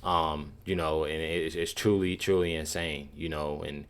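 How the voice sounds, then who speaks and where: A man's voice: deep voice, steady tone, a little slow, few pauses, clean tone. A young man hosting casual reaction commentary, full of fillers and repeating himself. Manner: repetitive, lots of "you know" fillers. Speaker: commentary channel host.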